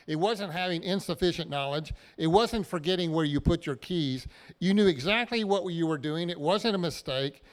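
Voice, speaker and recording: A man preaching a sermon in a church, talking to the congregation in a plain, conversational way with everyday examples. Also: a little high. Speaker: pastor.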